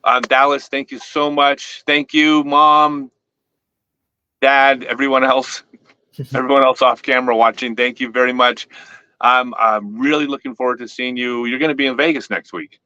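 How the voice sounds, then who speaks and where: A man's voice: mid-range voice, fairly even intonation, normal speed, bright, forceful tone, clear, resonant tone, dry recording. Guy hosting a chat, lots of restarts, jokey teasing, kinda muffled lo-fi sound. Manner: rambling with frequent restarts, playful teasing. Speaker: host, disc company owner. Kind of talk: casual interview chat.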